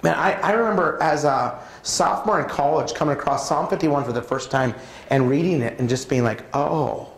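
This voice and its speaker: A man giving a preaching talk at a church conference, telling personal stories in an animated way. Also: fairly quick. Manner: animated, swings pitch widely while acting out stories. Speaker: conference speaker. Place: church auditorium. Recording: roomy church hall sound.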